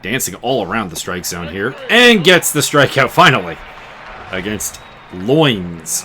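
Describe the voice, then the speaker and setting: A man giving casual play-by-play commentary on a baseball game he is playing, chatty and quick to laugh. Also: fairly low pitch, big pitch swings, bright, forceful tone. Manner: chatty, laughs often, muses over player names. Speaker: game streamer commentating his baseball season.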